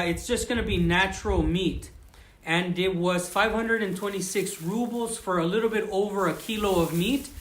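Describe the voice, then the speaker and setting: A man's voice: high-pitched, fairly bright tone. A young man from Southern California with a Southern Californian accent, chatting casually on a livestream and thanking viewers as he goes. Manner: chatty, thanks viewers, frequent restarts and fillers. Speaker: livestream vlogger. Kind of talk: casual live-stream chat. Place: outdoors on a rural plot.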